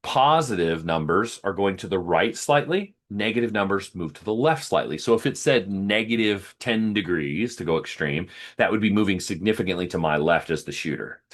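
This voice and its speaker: A man with a lowish voice goes methodically through test numbers one by one. His pitch moves a lot as he explains. He talks straight to his viewers as the show's host. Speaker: host comparing rifles.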